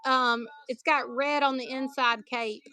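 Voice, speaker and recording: A woman's voice: sits high, steady tone, measured pace, bright, forceful tone, smooth, no echo, soft background music. A woman selling collectible banknotes on a live stream, chatty and joking, calling her viewers y'all.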